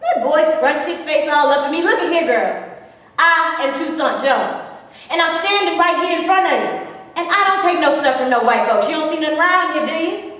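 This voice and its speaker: An actress performing a theatrical monologue as a spirited woman recalling her defiant girlhood, swinging between hushed and bold. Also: sits high, normal speed. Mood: wistful. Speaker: stage actress. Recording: echoey hall, far from the mic.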